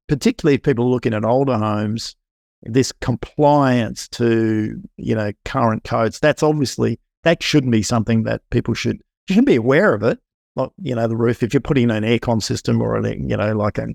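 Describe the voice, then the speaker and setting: A middle-aged man, a property inspector guest on a podcast interview, telling animated stories and acting out quotes. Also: medium pitch, creaky, no room sound, clean studio sound. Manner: animated storytelling, acts out quotes.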